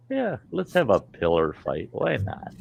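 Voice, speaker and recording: A man's voice: medium pitch, gravelly, a little hiss or hum. A man hosting a livestream, telling rambling, salty stories in casual chat and acting out the voices of the people in them. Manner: salty, rambling anecdotes with lively quoted voices. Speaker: host. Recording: dull lo-fi stream audio.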